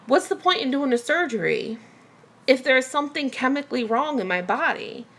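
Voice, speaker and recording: Frustrated woman venting with vocal fry. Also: high-pitched, expressive, normal speed, fairly bright tone. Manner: emotional, venting, many fillers and restarts. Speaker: vlogger. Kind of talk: candid personal rant to camera.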